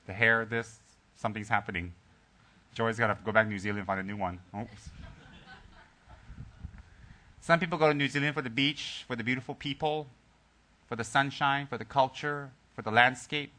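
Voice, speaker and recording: This Buddhist teacher, medium in pitch, starts his Dharma talk to the group with humor before settling into a gentle, calm story. Frequent pauses and restarts mark his speech.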